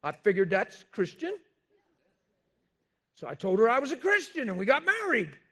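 A high-voiced male pastor preaches with blunt, confessional candor. He shouts out his points and then drops low and quiet. His high pitch carries through both. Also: huge pitch swings, moderate pace. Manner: swings from loud shouting to quiet storytelling. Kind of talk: sermon.

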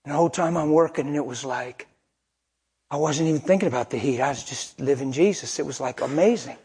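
A man's voice: a little high, a little fast, a little mellow, husky. A male preacher delivering a sermon in a folksy, colloquial and emphatic storytelling manner.

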